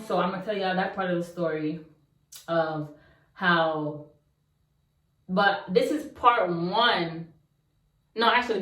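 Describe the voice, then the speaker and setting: Animated young woman telling a story. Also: lowish voice. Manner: animated, slangy, talks straight to viewers. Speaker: vlogger telling a personal story. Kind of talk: casual storytime chat. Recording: roomy echo, mic at a distance.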